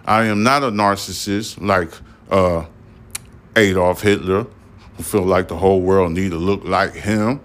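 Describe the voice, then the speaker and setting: A man's voice: low-pitched, steady tone, measured pace, a bit bright. A man from talks through the news on his own podcast. His words come out a little slurred. He keeps repeating points and firing rhetorical questions at the listener. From Brooklyn, New York. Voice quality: slightly slurred speech. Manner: repetitive, emphatic, rhetorical questions. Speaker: podcast host. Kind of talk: spoken news commentary.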